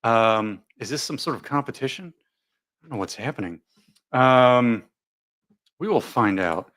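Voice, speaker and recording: Lively, jokey male live-stream host. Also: medium pitch, measured pace. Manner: jokey, rambling, reads viewer comments aloud. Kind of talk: casual live commentary chat.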